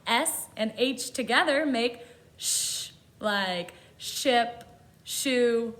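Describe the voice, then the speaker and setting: A high-voiced woman leads a phonics lesson for little children, sounding out each letter slowly and clearly. Her pitch swoops up and down as she stretches the letter sounds, and the room gives her voice a noticeable echo. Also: expressive, a bit bright. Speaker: kindergarten teacher. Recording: roomy echo.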